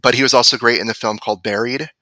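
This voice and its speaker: A man who is a guest on a podcast, chatting in a thoughtful, measured way. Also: medium pitch, fairly even intonation, crowd noise, low-quality recording. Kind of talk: casual chat.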